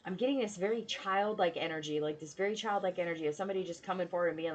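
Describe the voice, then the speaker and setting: Woman doing a tarot reading, lowish voice, blunt and sweary, chatty. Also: very fast, few pauses. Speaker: tarot reader.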